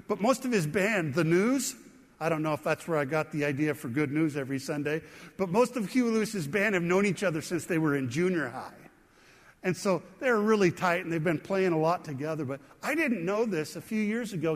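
A high-pitched man in his fifties delivers a sermon as a pastor, easygoing and conversational, with joking asides. He preaches to an empty sanctuary, and a long hall reverb trails his voice.

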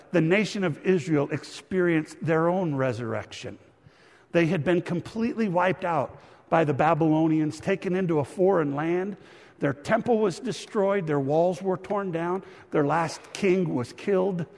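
A man's voice: on the high side, a little mellow. Middle-aged man preaching in an echoing hall. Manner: storytelling, acts out a child's voice in quotes, addresses listeners as friends. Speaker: pastor. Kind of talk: sermon. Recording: reverberant church hall.

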